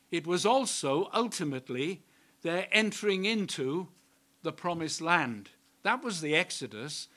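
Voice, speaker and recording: A man preaching a sermon in a slow, emphatic way, repeating key words for weight. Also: on the high side, a bit bright.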